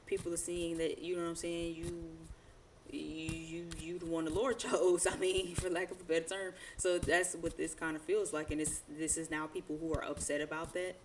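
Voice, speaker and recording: Low-voiced woman doing a tarot reading, slangy and cussing, rambles and laughs a lot, bit of faint noise behind. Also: level tone, moderate pace. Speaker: tarot reader.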